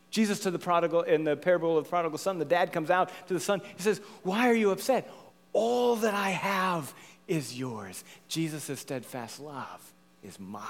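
A male pastor preaching a sermon, swinging from loud emphatic lines to hushed, almost whispered ones. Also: a little high, big-room sound.

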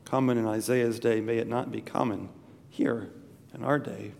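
A man's voice: medium pitch, steady tone, moderate pace, vocal fry, darkish tone, big-room sound. A man preaching a sermon in a church, earnest and emphatic, repeating phrases for stress. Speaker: pastor.

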